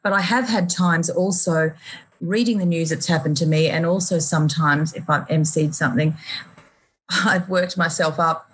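A woman's voice: low voice, fairly even intonation, normal speed, slight background noise, low-quality recording. A woman radio host with an Australian accent, talking reflectively in an interview, with many fillers and restarts. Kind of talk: conversational interview.

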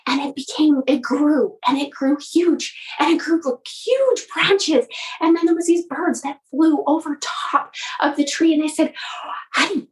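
High-voiced woman telling a motivational story. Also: unhurried, poor audio. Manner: animated, repeats words while telling a story.

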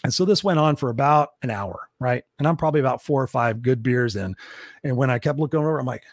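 Fast-talking profane storyteller man. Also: medium pitch, no echo, studio quality. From Southern California. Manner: candid, profane, rambling with frequent fillers. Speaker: host. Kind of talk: solo livestream storytelling. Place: room at home.

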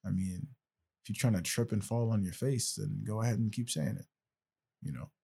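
A man's voice: lowish voice, fairly even intonation, a little fast, gravelly, warm tone, slightly rough. A man hosting a podcast in casual chat, loose, joking and rambling. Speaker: podcast host.

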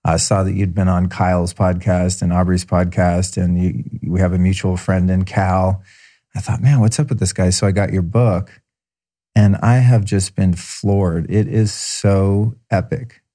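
A man's voice: sits low, level tone, a little slow, warm tone. A man hosting a podcast, reading an introduction and chatting with his guest in an enthusiastic, effusive way. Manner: enthusiastic, effusive praise with fillers. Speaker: podcast host. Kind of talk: podcast intro and casual interview chat.

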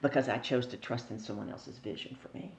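A middle-aged woman telling lively stories as a sales coach on a podcast, asking her listeners questions along the way. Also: extremely low pitch, fairly quick, vocal fry. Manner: animated storyteller who acts out voices and asks the listener questions. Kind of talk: storytelling in a podcast interview.

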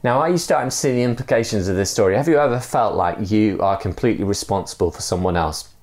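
A man's voice: on the low side, animated, fast talker, a little mellow. A man gives a church talk in a conversational way, with frequent "uh" fillers as he tells a story. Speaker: church speaker.

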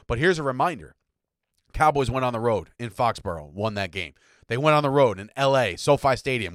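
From his home attic room, a man hosts a fan sports podcast in a medium-pitched voice, the recording dry and clean like a studio's. He rants in a fired-up, combative way, often tagging lines with "right?" and "okay?", and has a slight cough.

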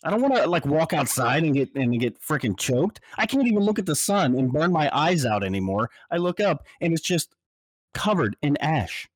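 Animated man ranting casually. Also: on the high side, moderate pace, no echo. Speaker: panelist.

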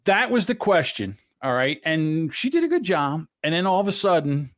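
A man's voice: a little high, sing-song, normal speed, a bit bright. A man hosting a podcast in casual chat, rambling and blunt, swearing freely. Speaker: podcast host.

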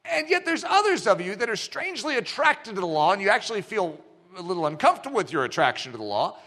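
A man preaching a sermon, telling a story with acted-out dialogue in an animated way. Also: sits high, fast talker.

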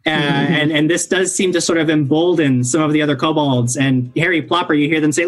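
A man's voice: a little high, fairly even intonation, fairly quick, few pauses. A man narrating as game master of a tabletop game, rambling with lots of "like" and "uh". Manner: rambling, filler-heavy, laid-back.

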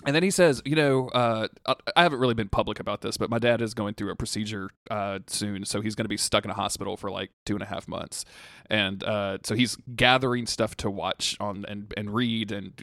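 With a lowish, brisk voice and some vocal fry, this young co-host narrates a story on his podcast, voicing the quotes with animation as they chat casually. The sound is studio quality with no echo.

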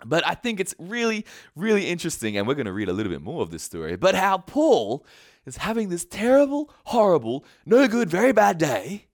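A man's voice: a little high, huge pitch swings, fairly quick. A man preaching a sermon, retelling a story with frequent chuckles. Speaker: pastor.

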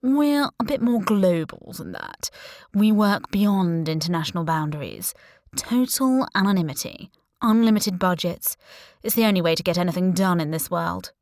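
Woman narrator doing a smug male killer, calm, mocking, slow and drawn out, low voice, dry close sound, audiobook. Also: no echo. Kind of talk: audiobook character voice.

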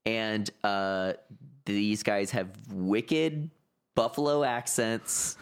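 A man's voice: on the low side, very slow, clear, resonant tone. A man with a Western New York accent, telling a story in casual podcast chat, full of filler words.

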